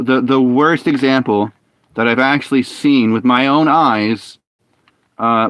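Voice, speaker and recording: A young man streaming a game, talking in a ranting, opinionated way with halting restarts and frustrated outbursts. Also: medium pitch. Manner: halting restarts and repeated words. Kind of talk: casual live-stream talk while gaming.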